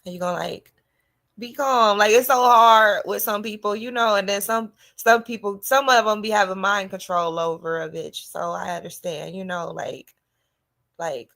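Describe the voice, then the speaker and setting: A woman hosting a podcast, delivering a loud, animated comedic monologue to her listeners. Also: medium pitch, normal speed, vocal fry. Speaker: podcast host.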